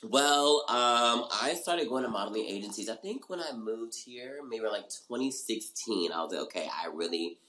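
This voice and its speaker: A man's voice: mid-range voice, expressive, normal speed, few pauses, sharp tone, poor audio. A young man as an interview guest, animatedly telling his story and acting out his own past reactions. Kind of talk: casual interview chat.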